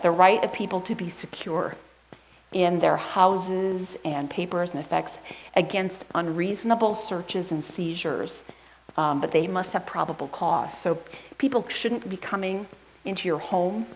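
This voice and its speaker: A woman's voice: lowish voice, creaky, a little hiss or hum, low-quality recording. A woman pastor, giving a casual sermon and chatting with her congregation as she runs through a list. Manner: chatty, asks the congregation questions; rushes through a list, skipping items. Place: church sanctuary.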